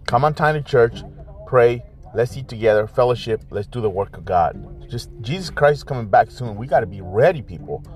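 A man's voice: mid-range voice, lively intonation, normal speed. A male pastor giving a morning devotional message from his car, exhorting listeners with short repeated urgings. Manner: exhorting, repetitive, direct address.

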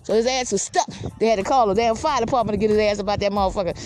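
A woman's voice: medium pitch, racing, darkish tone, slight background noise. A woman telling a comic animal story in a rambling, profane way, with frequent asides to the listener. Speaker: podcast host.

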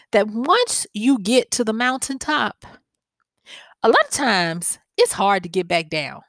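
A woman with a Southern accent talks through her solo podcast in an animated, storytelling way, tossing in asides and little laughs. Her voice sits at a middling pitch. The sound is dry and close, with no room around it. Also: no room sound. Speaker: podcast host. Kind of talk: reflective solo podcast talk.

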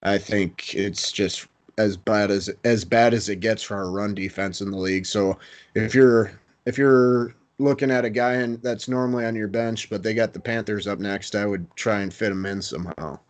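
Low male voice, laid-back podcast co-host steering the segments. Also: fairly even intonation, moderate pace. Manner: easygoing, leads segments with questions. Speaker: fantasy football podcast co-host. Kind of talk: casual sports analysis chat.

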